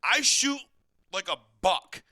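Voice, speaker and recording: A man's voice: high-pitched, takes it slowly, no echo, clean studio sound. A man hosting a casual sports chat, ranting emphatically and swearing freely. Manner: emphatic, profane, animated ranting. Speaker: podcast host.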